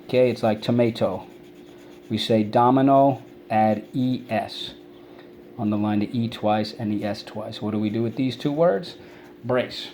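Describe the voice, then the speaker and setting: A man teaching a spelling and vocabulary lesson for children, sounding out words slowly and prompting listeners to repeat them. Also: on the low side, dark tone, slight background noise.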